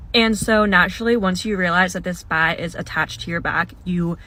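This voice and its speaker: A woman's voice: lowish voice, moderate pace, pushed and bright, slight background noise. A young woman casually recounting her own mishap, telling it in second person and laughing now and then. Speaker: storyteller. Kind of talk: casual storytime.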